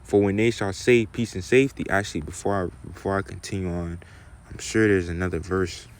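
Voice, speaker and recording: A man with a fairly low voice teaches from scripture in an informal preaching style. He keeps checking in with the listener, using "man" and "okay?" again and again. When he reads the verses, he slows down and gives them weight. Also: fairly even intonation. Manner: repeats "man" and "okay?" as tags, reads verses slowly and loudly.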